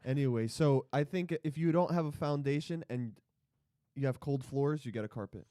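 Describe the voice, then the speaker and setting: A man's voice: mid-range voice, normal speed, warm tone, smooth, no echo, clean studio sound. A man co-hosting a podcast in casual chat, joking and laughing often with his brothers. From Dominican Republic heritage. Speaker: podcast co-host.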